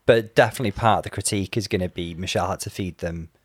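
A man's voice: low voice, racing, breathy edge, dry recording. A man co-hosting a podcast in casual chat, making dry, wry remarks. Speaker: podcast co-host.

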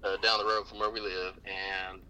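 A middle-aged man telling family stories on a podcast in casual chat, animated and often laughing, with many restarts. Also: sits low, moderate pace, poor audio. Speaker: podcast guest.

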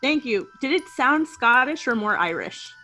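A woman chatting on a podcast, friendly and quick, joking at her own expense. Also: high voice, sing-song, bright, forceful tone, faint music behind. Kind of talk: casual chat.

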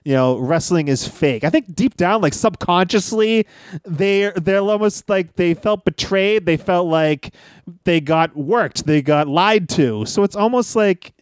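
A man with a high voice talks through his ideas on a podcast, rambling and full of fillers. The recording is dry and close. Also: unhurried, smooth, no echo. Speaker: podcast co-host. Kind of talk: casual podcast chat.

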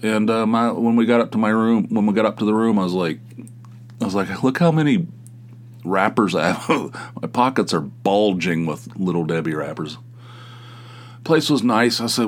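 A middle-aged man with a somewhat low voice hosts a podcast and tells a long personal anecdote. He talks casually and loosely, jumping sharply upward when he acts out what people said. His humor is wry and self-deprecating, with offhand swearing. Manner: animated, acts out quoted exchanges in a raised voice. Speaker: podcast host. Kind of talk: casual storytelling monologue.

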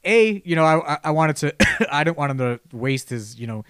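A man's voice: a little high, animated, normal speed, a bit bright, clean tone, dry recording, clean studio sound. A man hosting a casual podcast chat, telling a long, rambling anecdote with lots of "you know" and false starts. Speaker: podcast host telling a story.

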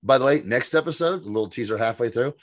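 A man's voice: mid-range voice, expressive, quick pace, no room sound. A man co-hosting a podcast, recapping in casual chat, rambling, swearing freely and laughing often. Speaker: podcast co-host.

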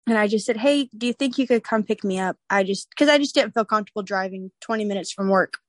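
This medium-pitched young woman in her twenties talks fast as a podcast guest sharing a personal story. She's animated and casual, impersonating the people involved and laughing frequently, and the audio is dry.

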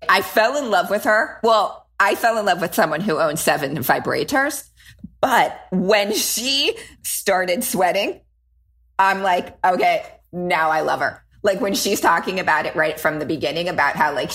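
A woman co-hosting a podcast in casual chat, enthusiastic and quick to giggle. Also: lowish voice, expressive, fairly bright tone. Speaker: podcast co-host.

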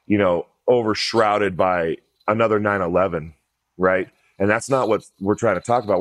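Deep-voiced casual male interviewer. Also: no echo. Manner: loose, conversational, many fillers and restarts. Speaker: podcast host.

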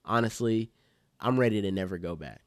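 A man's voice: on the low side, brisk, dry recording, studio quality. Laid-back young guy telling a story. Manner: laid-back slangy storyteller, swears freely. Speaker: podcast co-host. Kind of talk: casual chat, storytelling.

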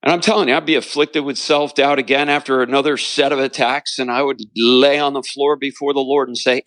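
A man's voice: mid-range voice, a little fast, few pauses, a bit bright, dry recording. A man, a pastor, telling his story in an interview, with an earnest preaching cadence and repeated phrases. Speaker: pastor and author.

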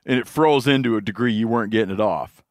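A man's voice: on the low side, fast, no room sound, clean studio sound. A man hosting a podcast, telling rambling fishing stories and laughing along in casual chat. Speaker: podcast host.

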